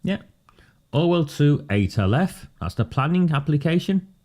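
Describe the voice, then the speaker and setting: A man's voice: a little high, big pitch swings, measured pace, darkish tone. A man doing casual live commentary on local politics for his viewers. He talks in a sarcastic, mocking way and often breaks into laughter.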